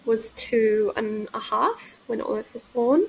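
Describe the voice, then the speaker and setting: A woman in her thirties talking candidly in a casual podcast conversation, reflective and halting, often restarting her sentences. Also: a little high, gravelly, a little hiss or hum, poor audio. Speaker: guest, midwife.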